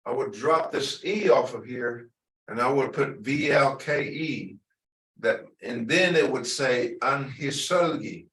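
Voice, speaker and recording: A man with a medium, slightly bright voice teaches an online language class, patiently repeating words and having students say them back. The audio is echoey and noisy, picked up by a distant mic.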